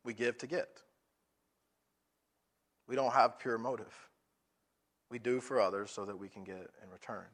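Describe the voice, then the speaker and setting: A man's voice: medium pitch, unhurried, pauses often, a bit bright. A man preaching a sermon as pastor, emphatic and full of rhetorical questions, often restarting his phrases.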